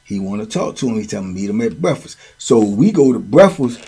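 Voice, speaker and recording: A man's voice: fairly low pitch, very animated, fairly quick, dark tone, husky. A man hosting and telling prison stories in a casual, streetwise way, full of slang and check-ins with the listener. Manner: streetwise slang, frequent "you know what I'm saying". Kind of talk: casual storytelling monologue.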